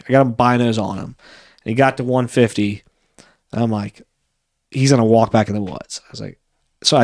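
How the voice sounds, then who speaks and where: Animated storytelling man, mid-pitched. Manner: animated, acts out quoted voices. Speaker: podcast co-host. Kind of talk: casual storytelling.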